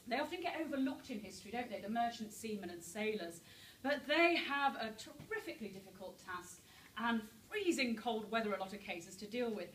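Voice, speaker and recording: A woman giving a lively, humorous talk to a live audience in a library, addressing the listeners directly. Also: on the high side, fairly quick, slight background noise. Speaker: public speaker on women's history. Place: public library hall. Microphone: far from the speaker. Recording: roomy hall, heard from far off.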